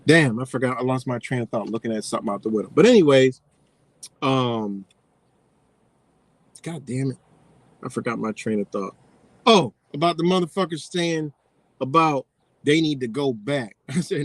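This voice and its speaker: A man's voice: mid-range voice, lively intonation, moderate pace, long pauses, dry recording. A man ranting profanely in a casual livestream, rambling and losing his train of thought. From United States.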